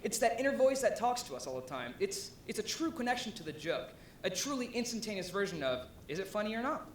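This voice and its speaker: A young man with a fairly high voice gives a relaxed live talk, and he fills it with ums and likes. The room carries a noticeable echo, with a faint rumble underneath. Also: fast. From USA (Ohio). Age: young adult. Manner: conversational, with frequent ums and likes and rising asides. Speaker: presenter. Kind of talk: casual live presentation talk. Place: event venue before an audience.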